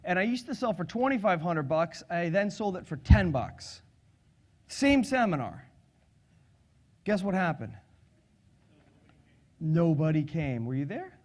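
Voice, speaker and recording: A middle-aged man with a notably high voice presents a sales seminar to a live audience. He is energetic and playful, joking with the room and asking the listeners questions. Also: normal speed, pauses often. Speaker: sales and public speaking trainer.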